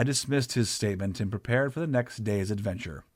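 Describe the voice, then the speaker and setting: A man's voice: on the low side, fairly quick, dry recording, studio quality. A man reading his own fictional short story aloud in a wry, theatrical storytelling manner. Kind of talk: scripted narration of a short story.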